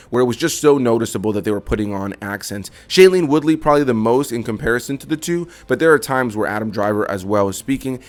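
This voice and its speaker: Male film reviewer, mid-range voice, brisk delivery, earnest and candid, casual vlog talk. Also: medium pitch. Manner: earnest, candid, repeats phrases for emphasis. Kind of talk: casual spoken movie review.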